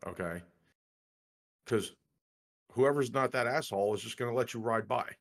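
A man's voice: medium pitch, moderate pace, gravelly, a bit bright. A man co-hosting a casual podcast, making earnest points and checking in with "okay?". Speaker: podcast co-host. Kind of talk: casual chat.

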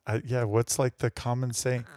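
A man's voice: medium pitch, little pitch movement, moderate pace, a little mellow, dry recording, studio quality. A young man co-hosting a casual podcast, talking in an easygoing, rambling way. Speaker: podcast co-host.

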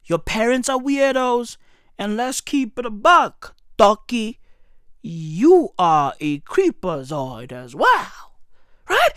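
A woman's voice: fairly high pitch, sing-song, slow pace, no echo, studio quality. Incredulous woman ranting. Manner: incredulous, exaggerated, swings into shouting. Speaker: comedic commentator. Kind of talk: comedic rant to camera.

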